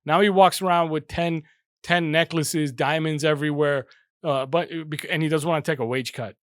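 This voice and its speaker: A man's voice: fairly high pitch, fairly even intonation, normal speed, no room sound, studio quality. A young man hosting a football fan channel, ranting heatedly and repeating himself for emphasis. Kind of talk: passionate casual rant to camera.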